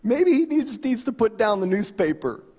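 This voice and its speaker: A man voicing a bold male prophet who mocks his rivals with gleeful shouted taunts. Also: high voice, very animated, normal speed, husky, exaggerated voice. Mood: taunting. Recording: long hall reverb.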